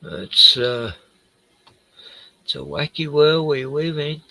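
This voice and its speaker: A middle-aged man talks slowly on a late-night stream, his voice gravelly and worn. He sounds tired, rambles from thought to thought and trails off often. He swears freely, and his pitch swings widely. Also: animated, bright, forceful tone, no room sound, rough recording. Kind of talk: casual late-night chat.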